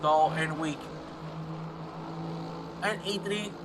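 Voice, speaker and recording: A man doing live commentary on a sim race, excitable and swinging from quiet asides to loud outbursts. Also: a little high, very slow, distant mic, noisy background.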